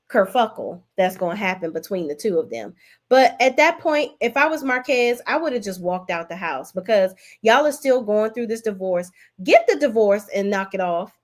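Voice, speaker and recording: Casual streamer woman, animated, says y'all and child a lot, chatty and loose. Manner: animated, swoops high when thanking viewers; chatty, Southern-tinged slang like y'all and child. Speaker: live-stream host reading chat. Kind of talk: casual live-stream chat.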